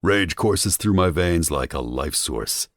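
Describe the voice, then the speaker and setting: A man narrating a first-person audiobook with a dark, menacing delivery, recorded on a close studio mic. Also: low-pitched, animated, slow pace, no room sound.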